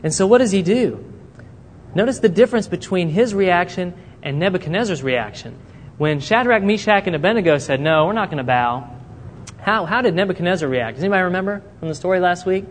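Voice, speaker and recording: A man's voice: sits high, quick pace. A man preaching a sermon, telling a Bible story and acting out the characters' words. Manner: animated storytelling, acting out quotes. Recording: long reverb in a hall, faint noise.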